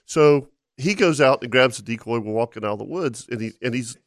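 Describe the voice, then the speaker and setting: A man's voice: mid-range voice, a little fast, no echo, clean studio sound. A man, co-hosting a radio show and telling a funny hunting story through laughter and stumbles. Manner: animated, laughing, stumbles over words. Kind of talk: casual storytelling chat.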